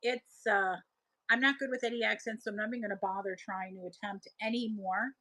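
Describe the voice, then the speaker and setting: A woman's voice: mid-range voice, brisk, bright, forceful tone, low-quality recording. A woman in her thirties hosting a live selling stream, chatting casually and laughing as she answers viewers' comments.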